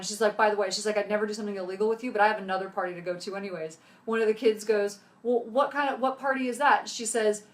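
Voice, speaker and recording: A middle-aged woman giving a casual motivational talk, telling a family story in a chatty way full of fillers. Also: on the high side. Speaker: health speaker.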